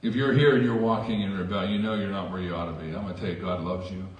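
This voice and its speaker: A man's voice: sits low, steady tone, quick pace, far from the mic. A man preaching a sermon as pastor in a church, conversational with self-deprecating asides. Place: church sanctuary. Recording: echoey church hall from afar.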